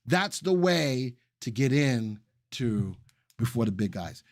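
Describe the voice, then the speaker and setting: A man hosting a live stock analysis webinar, excited and repeating phrases for emphasis while he talks to chat viewers. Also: medium pitch, slow, no echo, clean studio sound. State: excited and sweating. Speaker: stock market webinar host.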